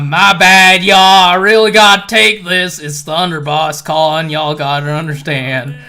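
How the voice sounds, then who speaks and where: A streamer voicing a boisterous, booming male swordsman with a put-on Texan drawl, loud and brash with folksy cussing, reading game dialogue aloud.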